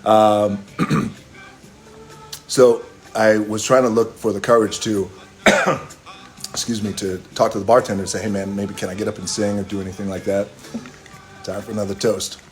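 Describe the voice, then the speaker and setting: A man with a fairly low voice spins a loose, rambling story on a phone live stream, breaking off for toasts and quick asides. Faint guitar music plays quietly behind him. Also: little pitch movement. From Hawaii.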